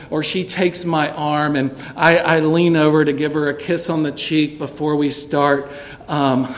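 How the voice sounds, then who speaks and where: Earnest pastor telling a story. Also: male voice. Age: middle-aged. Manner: storytelling, earnest, drops soft and low for tender moments. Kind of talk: sermon. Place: church sanctuary.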